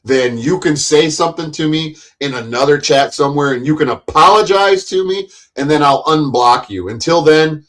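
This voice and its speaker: A man's voice: a little high, normal speed, hardly any pauses, fairly bright tone. A man, hosting his own live stream and ranting at his audience in a profane, combative, mocking way. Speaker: livestream host.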